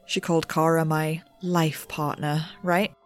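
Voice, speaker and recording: A woman's voice: low voice, level tone, measured pace, soft background music, pitched below the performer's own voice. A woman voicing a cold, guarded woman who is protective of her wife and speaks in a clipped, hostile way.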